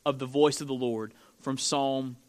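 A man preaching a sermon as pastor. He swings from loud, emphatic declarations to quiet, close-spoken lines, repeating key phrases and asking the congregation questions. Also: medium pitch, steady tone, unhurried.

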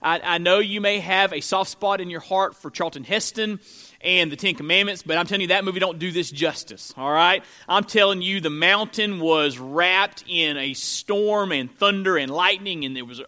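A man's voice: high-pitched, moderate pace, pushed and bright. A man from Florida preaching a sermon as pastor, conversational, with joking asides to the congregation.

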